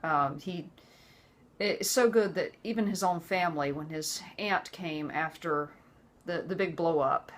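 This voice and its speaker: A woman in her forties with a lowish voice tells her personal story straight to the camera. She speaks earnestly and haltingly, often stopping to restart a sentence. The delivery is an unscripted personal testimony. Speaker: vlogger.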